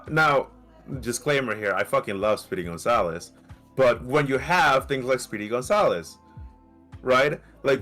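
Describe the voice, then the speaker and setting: A man co-hosting a casual podcast debate, talking in an animated, emphatic way and swearing freely. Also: mid-range voice. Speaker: podcast co-host.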